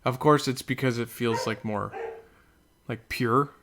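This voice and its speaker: A man's voice: mid-range voice, fairly even intonation, unhurried, a bit bright, a little hiss or hum. A man in his thirties co-hosting a casual podcast, rambling and joking at his own expense. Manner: rambling, self-deprecating storyteller. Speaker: podcast co-host. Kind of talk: casual chat.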